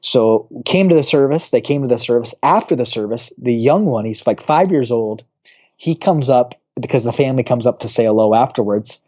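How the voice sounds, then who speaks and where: A man, a pastor, telling a personal story as a guest on a podcast, animated and acting out the voices of people in it. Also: mid-range voice, fairly quick, highs cut off. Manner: animated storyteller who acts out quoted voices.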